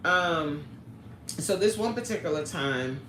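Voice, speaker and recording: On the low side and a bit bright, her expressive voice takes things slowly. She hosts a casual livestream, chatting with viewers by name from the live chat and telling a story. The audio carries a roomy echo plus faint background noise.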